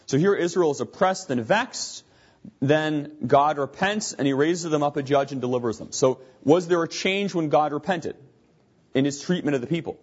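A man's voice: on the high side, moderate pace, husky, muffled recording. A man teaching a Bible lesson, explaining as he thinks aloud and often restarting his sentences.

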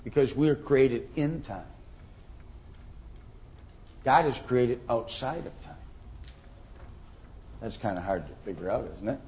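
A man's voice: mid-range voice, darkish tone, lo-fi sound. A middle-aged man teaching a Bible class, thinking aloud with many ums and rhetorical questions.

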